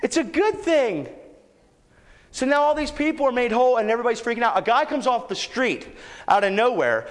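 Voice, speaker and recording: Animated high-voiced preacher in a hall. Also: male voice, fairly quick. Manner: animated, building to shouts. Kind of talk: storytelling sermon.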